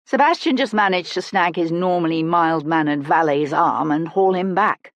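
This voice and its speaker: A woman narrating a historical mystery audiobook in an expressive storytelling manner, close to the mic. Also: fairly low pitch, normal speed, hardly any pauses, no echo.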